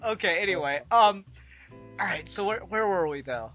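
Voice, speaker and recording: High-voiced energetic man hosting a podcast, lo-fi sound. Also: normal speed, soft background music. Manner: energetic, swearing, laughing often. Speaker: podcast host. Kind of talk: casual chat.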